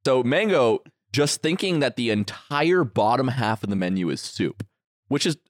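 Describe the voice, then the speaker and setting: A man's voice: medium pitch, moderate pace, no echo, clean studio sound. A young man co-hosting a podcast, telling a story in casual chat and acting out the quotes with laughter. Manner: animated, laughing, acts out quotes. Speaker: podcast co-host.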